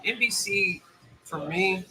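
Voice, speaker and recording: A man's voice: high voice, slow, pushed and bright, soft background music, poor audio. A man co-hosting a casual sports talk show, chatting and rambling with joking asides.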